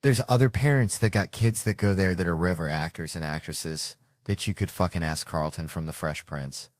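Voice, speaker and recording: A man doing a loud, animated, profane stand-up story rant. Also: low voice, normal speed, hardly any pauses, no room sound, clean studio sound. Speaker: comedian.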